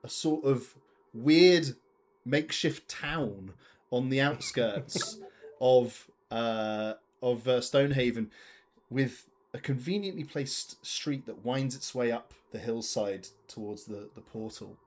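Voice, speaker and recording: A man narrating as game master of a tabletop game, unhurried, with many fillers. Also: mid-range voice.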